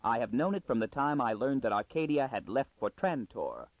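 A man reading the part of a secretive young male neurologist with a measured, dry delivery. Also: medium pitch, animated, dry recording, close to an everyday voice. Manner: measured, dryly sardonic. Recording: dry, phone-like narrow sound.

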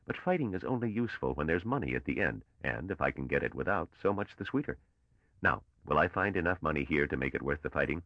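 A man voicing a brash, suspicious young male space trader with a sharp, probing manner. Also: a bass voice, lively intonation, quick pace, dry recording, highs cut off, exaggerated voice. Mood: pushy.

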